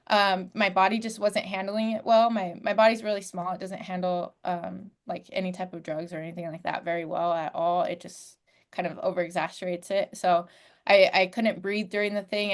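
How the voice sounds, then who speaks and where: A woman, a podcast guest in her twenties, telling her life story in a candid, heartfelt way with frequent fillers. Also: mid-range voice. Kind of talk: personal storytelling.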